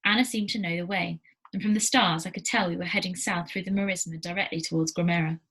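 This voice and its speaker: A teacher reading a novel aloud to her class in a steady storytelling manner, with small slips. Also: fairly low pitch, fast talker, slightly rough, rough recording.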